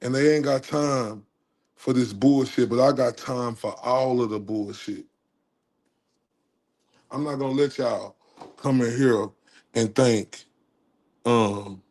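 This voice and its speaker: A Texan man chats casually on his livestream, joking, laughing at himself and breaking into song. His mid-range voice is a little mellow, and he takes his time with long pauses.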